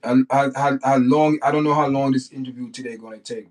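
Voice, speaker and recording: A man hosting his own livestream, talking off the cuff with no script. His voice sits at an ordinary, middle pitch. He rants bluntly and keeps repeating the same phrases as he circles back to his point. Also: level tone, fairly quick, a little mellow. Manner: blunt, repetitive ranting. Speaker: livestream host. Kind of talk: unscripted livestream monologue.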